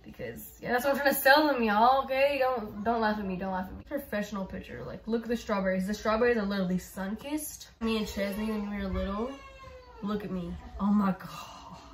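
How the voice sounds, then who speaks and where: A woman's voice: mid-range voice, brisk, distant mic, a little hiss or hum. A woman vlogging casually about her phone, chatty and rambling, with lots of "like" and "y'all". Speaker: YouTuber. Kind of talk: casual vlog phone walkthrough. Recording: roomy echo.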